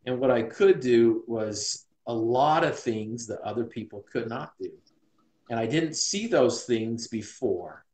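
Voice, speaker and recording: A man in his forties from Utah, recounting his life story in an interview with earnest reflection. His mid-pitched voice sits in a roomy space with audible echo. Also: expressive, measured pace, darkish tone. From Utah, USA. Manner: earnest and reflective, many restarts. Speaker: interview guest.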